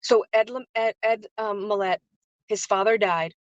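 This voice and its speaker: On a dry recording, a woman speaks fairly quickly in a steady, mid-range voice. Hosting a live stream, the faith-based business coach gives a heartfelt motivational talk, emphasizing points through repetition and greeting her viewers by name.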